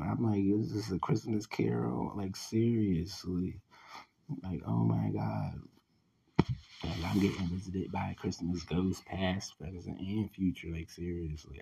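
A man ranting in a casual voice message, venting with heavy profanity and many fillers, getting loud and heated at times. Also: sits low, gravelly, slightly rough, low-quality recording. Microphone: voice message recording.

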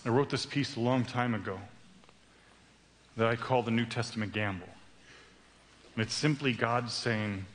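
A man preaching a sermon with animated storytelling that swings into loud outbursts. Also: medium pitch, moderate pace, long pauses, a little hiss or hum. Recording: long hall reverb.

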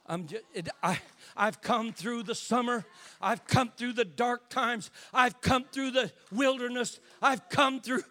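An older man preaching an impassioned sermon as a bishop, dropping to hushed asides and rising to shouts. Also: very high voice, a little slow.

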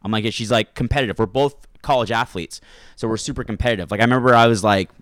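A man's voice: lowish voice, fast talker, fairly bright tone, no room sound, clean studio sound. A young man, a comedian, telling rambling stories in casual podcast chat, full of filler words. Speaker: comedian guest.

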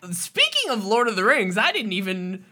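A woman co-hosting a casual podcast chat, recapping a TV episode from her notes, animated and swearing freely. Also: mid-range voice, moderate pace. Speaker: podcast co-host.

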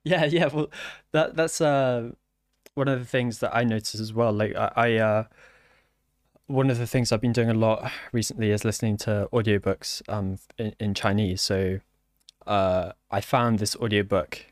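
Male software developer, low voice, dry close sound, halting casual talk full of fillers. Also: steady tone, no echo. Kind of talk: casual conversation.

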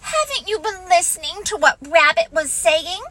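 A woman puts on a tiny, anxious piglet from a storybook who stammers and frets, his voice climbing high and bright. He hops nervously up and down the scale as he worries aloud. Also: animated, normal speed, full character voice. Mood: reproachful. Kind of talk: storybook reading.

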